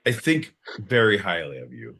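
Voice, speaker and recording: A man co-hosting a podcast in casual comedic banter, loud and profane with sudden bursts of energy. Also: low voice, wildly swooping pitch, normal speed. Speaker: podcast co-host.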